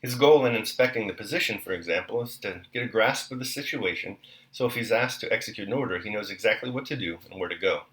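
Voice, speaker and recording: A man reading a novel aloud and then reflecting on the chapter, in a measured, even delivery. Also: fairly low pitch, echoey room, poor audio. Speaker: reader and commentator.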